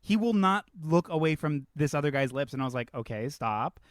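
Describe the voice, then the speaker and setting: A man's voice: a little high, lively intonation, fairly quick, no room sound, clean studio sound. A man co-hosting a film podcast, joking casually and acting out scenes with mocking quoted voices. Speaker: podcast co-host.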